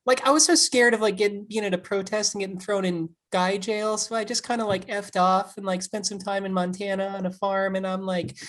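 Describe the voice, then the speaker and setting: A woman's voice: mid-range voice, steady tone, brisk, hardly any pauses. A woman guest on a comedy podcast, chatting casually in a wry way and saying "like" often. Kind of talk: casual chat.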